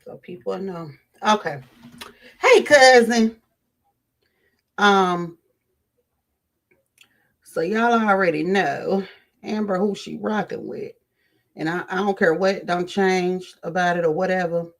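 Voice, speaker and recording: A woman's voice: on the low side, slow, pauses often. A woman with a Southern American accent hosting a casual livestream, chatting loosely and greeting viewers by name, with frequent ums and restarts. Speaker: livestream host.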